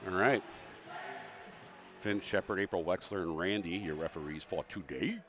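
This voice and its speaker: Man, hockey announcer, deeper voice, rambling, self-deprecating jokes, live rink booth. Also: moderate pace, fairly bright tone. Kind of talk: live local sports broadcast. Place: mobile broadcast booth at an ice rink.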